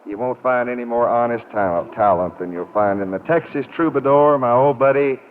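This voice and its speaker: A man's voice: medium pitch, a little fast. A man hosting a live radio variety show, introducing a guest with friendly, easygoing banter. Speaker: show host. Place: large auditorium stage. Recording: tinny, noisy 1950 radio broadcast.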